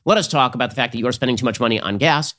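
A man hosting a political commentary show, arguing in a rapid, sardonic way. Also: medium pitch, fairly bright tone. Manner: rapid, sardonic, argumentative delivery. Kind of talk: fast political commentary and read ad.

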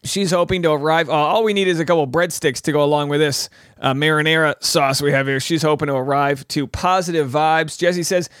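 A man in his thirties recaps a reality show with a loose, joking ramble, jumping into quick silly voices when he quotes people. His voice sits a bit high for a man. The sound is close and dry, with no room behind it. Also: fairly even intonation, a bit bright, smooth, dry recording.

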